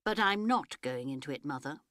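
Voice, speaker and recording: A woman voicing a teenage son who speaks gravely and with cool certainty. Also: low voice, expressive, normal speed, fairly bright tone, no room sound, studio quality. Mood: earnest. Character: teenage son, earnest, calm, determined.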